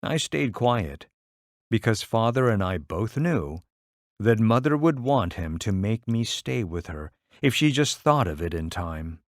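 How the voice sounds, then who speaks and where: A man reading a short story aloud in measured, even storytelling. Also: fairly low pitch, dry recording, studio quality. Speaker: story reader.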